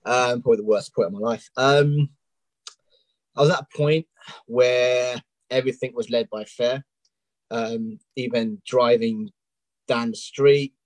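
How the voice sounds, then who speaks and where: A man from England with a London accent speaks candidly in a casual interview and often pauses on "um." His voice sits low to mid in pitch, and the sound is dry and close, with little room behind it. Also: fairly even intonation, no echo, rough recording. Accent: London English. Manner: open and candid, with many ums. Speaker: coaching client guest. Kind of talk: casual interview on a live stream.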